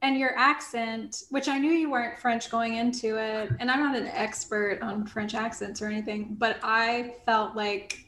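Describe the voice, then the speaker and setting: A woman's voice: on the high side, fairly even intonation, normal speed, hardly any pauses, fairly bright tone. Bubbly woman podcast host, roomy sound. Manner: enthusiastic, uses "like" a lot. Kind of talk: casual interview chat. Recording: roomy echo, faint background noise.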